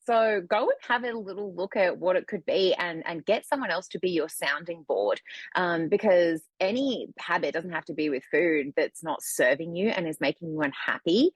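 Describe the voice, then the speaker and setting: Woman, low pitch, husky, candid, casual podcast talk, dry close sound. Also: moderate pace, dry recording. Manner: candid, animated when acting out quotes. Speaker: guest, food coach. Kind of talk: casual conversation.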